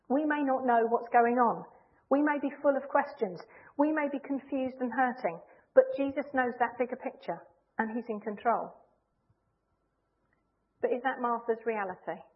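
A woman preaching a sermon in an earnest, measured way, leaning hard on key phrases. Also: on the high side. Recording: tinny phone-like line.

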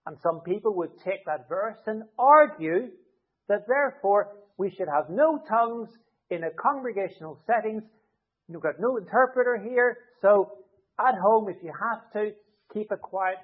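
A man with a rather high voice preaches in a church, talking the congregation through his points with simple what-if examples. The sound is thin and boxy, as if heard down a phone line. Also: animated, unhurried. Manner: explains with everyday hypothetical scenarios. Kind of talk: conversational sermon. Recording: tinny narrow-band sound.

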